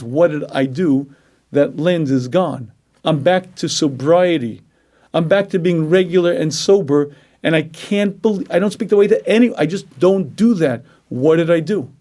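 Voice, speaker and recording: A man lecturing on Jewish ethics with a somewhat high voice. He clears his throat often and acts out inner voices in an animated way. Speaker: Torah lecturer.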